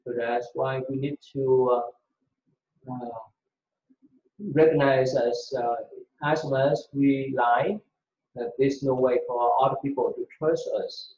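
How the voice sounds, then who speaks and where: Slow, hesitant man in an echoey room. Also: medium pitch, steady tone, a little mellow. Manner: hesitant, many filled pauses. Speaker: Buddhist teacher. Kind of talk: lesson. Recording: dull sound in an echoey room.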